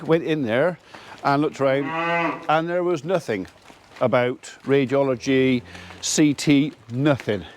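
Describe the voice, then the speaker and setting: A male farmer vlogger chats casually to camera, telling a rambling story about his day complete with quoted dialogue. His voice is medium-pitched and a little mellow, with a slight hiss or hum in the audio.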